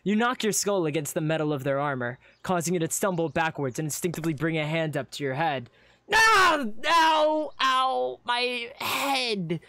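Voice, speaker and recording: A man narrating a live game roleplay in second person, with animated, flustered asides. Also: on the high side, quick pace, hardly any pauses, dry recording. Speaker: player and narrator.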